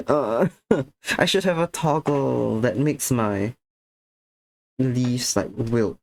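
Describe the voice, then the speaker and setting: A medium-pitched, gravelly voice comes slowly, broken by long pauses, with no echo. It belongs to a tired, slightly sick man chatting with viewers over his drawing stream, drowsy and slurring a little.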